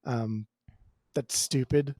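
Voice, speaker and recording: A man chatting loosely as a podcast co-host, swearing and laughing with a friend. His voice sits in a middle pitch, and the recording is close and dry. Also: steady tone, extremely slow, darkish tone, slightly rough, no room sound. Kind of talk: casual chat.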